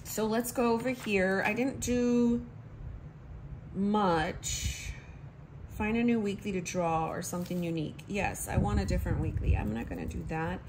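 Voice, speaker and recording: A woman's voice: medium pitch, steady tone, normal speed, darkish tone, slight background noise, poor audio. A woman, chatting casually to viewers and to herself as she fills in her planner. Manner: chatty, talks to herself while writing. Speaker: planner vlogger.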